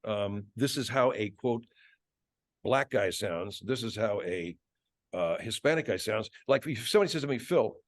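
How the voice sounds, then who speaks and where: A guest voice actor with a lowish voice, lively intonation, and normal speed chats thoughtfully in a casual interview, heard in a dry recording. He is reflective, restarts often, and slips into character voices.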